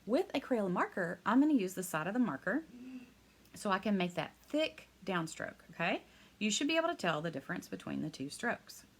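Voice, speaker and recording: A woman teaching a live hand-lettering class online. She talks fast and excitedly, chatty and encouraging, and laughs often. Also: medium pitch, slightly rough. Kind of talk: live online craft lesson.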